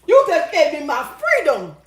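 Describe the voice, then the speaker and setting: A woman's voice: high voice, huge pitch swings, a little slow. A middle-aged woman hosting a casual advice show, reading viewer comments and telling stories bluntly and profanely, often laughing. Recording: roomy echo.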